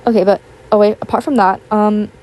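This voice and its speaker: A young woman in her teens chatting casually, rambling with lots of fillers and a self-conscious, apologetic manner; her voice sounds a little rough. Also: medium pitch, steady tone, a little fast, mellow. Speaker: YouTuber. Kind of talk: casual chat over gameplay.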